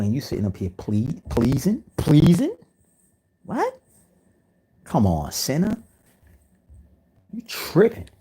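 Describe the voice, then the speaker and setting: A man's voice: on the low side, vocal fry, dark tone, slightly rough. A man vlogging a rambling, profane conspiracy rant full of street slang.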